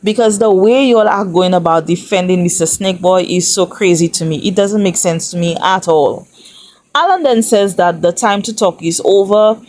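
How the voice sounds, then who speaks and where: A woman's voice: mid-range voice, moderate pace, darkish tone. A woman hosting a reality TV recap, talking to viewers in a sassy, chatty way. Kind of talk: casual recap commentary.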